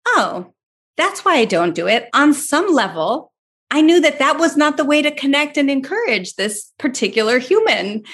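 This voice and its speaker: A woman's voice: mid-range voice, animated, moderate pace, a bit bright. A woman in her forties, a podcast guest, telling a parenting story in casual chat and acting out her own thoughts.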